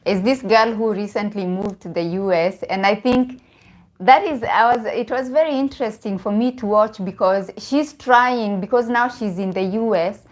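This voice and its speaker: A woman's voice: medium pitch, moderate pace. A young woman with a Kenyan accent chatting casually on a live stream, laughing often and restarting her phrases. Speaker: vlogger.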